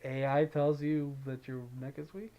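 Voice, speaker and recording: A man's voice: fairly high pitch, level tone, normal speed, muffled recording. Upbeat man chatting on a livestream. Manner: chatty and upbeat, greets viewers by name. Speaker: livestream host. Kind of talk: casual livestream chat, reading viewer comments.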